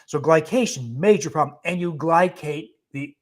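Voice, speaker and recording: A man, a physician guest, answering viewer questions in a live Q&A, explaining in a brisk, emphatic way with frequent chuckles and blunt dismissals of bad advice. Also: on the high side.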